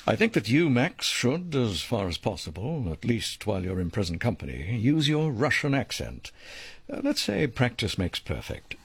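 An actor in a radio drama playing a measured, formal leader of a covert team. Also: male voice, mid-range voice, very animated, vocal fry, breathy edge, exaggerated voice.

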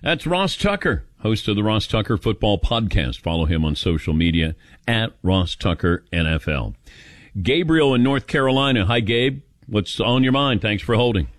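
Man, 50s, radio host, lowish voice, lively pitch, joking, self-mocking, dry studio mic. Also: moderate pace, dry recording. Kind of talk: call-in radio talk.

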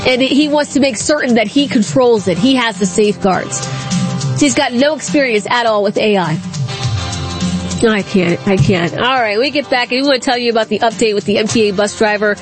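A woman hosting a talk radio show, telling stories and giving opinions in an animated, casual way. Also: fairly high pitch, a little fast, over music. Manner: animated storytelling, laughs often.

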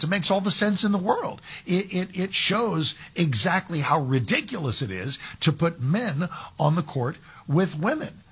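A man's voice: fairly high pitch, fairly bright tone, slightly rough. A man filling in as host of a talk radio show, giving emphatic commentary with many restarts and asides. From Texas.

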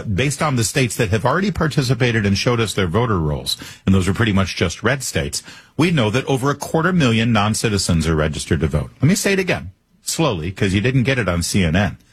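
A man's voice: on the low side, breathy edge. A man hosting a political talk show, delivering a monologue with sarcastic asides.

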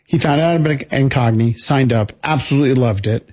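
Husky jokey male co-host. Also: mid-range voice, a little fast, darkish tone. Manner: chatty storyteller, jokey. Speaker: radio show co-host. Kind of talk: casual chat.

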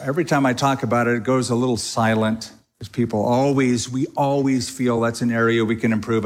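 A middle-aged man preaching a sermon to a congregation in a casual, animated way, now and then acting out other people's prayers. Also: medium pitch, fairly quick, few pauses. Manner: animated, conversational preaching with mock quoted prayers. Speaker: pastor. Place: church sanctuary before a congregation.

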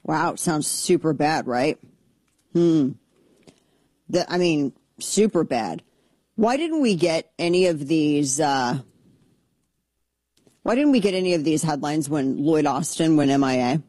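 A woman's voice: low-pitched, expressive, slow, pauses often, mellow, dry recording. A middle-aged woman hosting a political talk radio show, blunt and sarcastic, fired up as she rants into a studio mic. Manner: fired-up, sarcastic, blunt, mocking voices of opponents.

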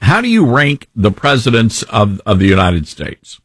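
A man hosting a call-in talk radio show, animated and jokey, often repeating his words as he talks into a studio mic. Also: lowish voice, normal speed, soft background music.

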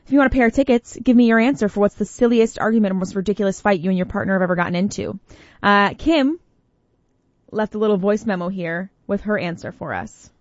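A woman radio host chatting casually, telling a story with lots of laughs and animated quoted lines. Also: medium pitch, quick pace, no echo, muffled recording.

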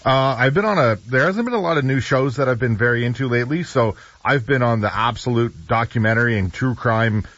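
A man co-hosting a casual chat, answering in a relaxed, easygoing way. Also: medium pitch, brisk, few pauses, no echo, lo-fi sound. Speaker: co-host.

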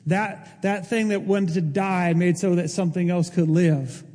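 A man's voice: high-pitched, fairly even intonation, unhurried, a little mellow, in a large hall. A man, a pastor, delivering an emphatic, emotional sermon. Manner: emotional, emphatic preaching with rising intensity.

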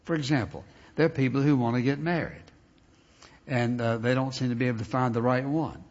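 A man's voice: medium pitch, brisk, darkish tone. Guy preaching a sermon, keeps firing rhetorical questions, kinda muffled recording. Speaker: pastor.

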